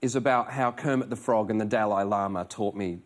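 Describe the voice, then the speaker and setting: A male comedian guest telling animated stories in casual talk show chat. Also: lowish voice. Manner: animated storytelling, quick jokey asides.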